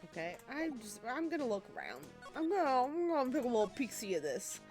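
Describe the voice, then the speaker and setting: A woman's voice: a little high, sing-song, fairly quick, few pauses, a little mellow, faint music behind. A young woman streamer chatting casually while playing a game and reading its text aloud. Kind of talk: let's play commentary.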